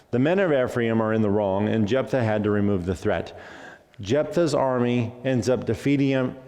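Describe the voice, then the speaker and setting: A man preaching a sermon as pastor. He talks in an animated way, acts out bits of dialogue and throws in jokey asides. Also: fairly low pitch, big-room sound. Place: church sanctuary.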